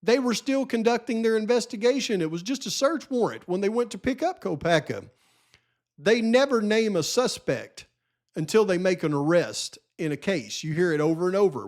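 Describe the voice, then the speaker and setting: A man's voice: high voice, lively intonation, moderate pace. A man hosting his own channel, giving a solo commentary in an insistent, lecturing way, sounding frustrated. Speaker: channel host. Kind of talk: solo true-crime commentary.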